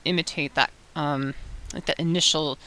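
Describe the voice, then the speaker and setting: A young woman giving a casual voice-training tutorial, chatty and loose, with fillers and quick self-corrections. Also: deep voice, fairly even intonation, pushed and bright. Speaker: voice coach. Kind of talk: casual tutorial talk to camera. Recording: faint hiss.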